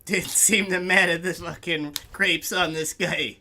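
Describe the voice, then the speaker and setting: A man's voice: high-pitched, fairly even intonation, measured pace, sharp tone, a little hiss or hum, pitched above the performer's own voice, exaggerated voice. A man voicing a sarcastic male orc doorman with a clipboard, pushy and mocking. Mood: suspicious.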